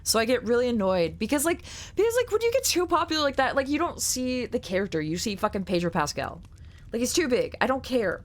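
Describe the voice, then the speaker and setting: Ranty, animated young woman streamer. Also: on the high side, quick pace. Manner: rambling, swears, ranty with mocking put-on quotes. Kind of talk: casual live-stream chat.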